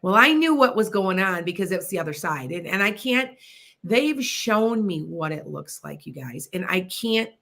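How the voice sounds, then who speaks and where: A woman from the Midwestern US hosting a psychic radio show, telling stories in a chatty, animated way and speaking straight to her listeners. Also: on the low side, normal speed, gravelly. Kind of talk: casual storytelling on internet radio.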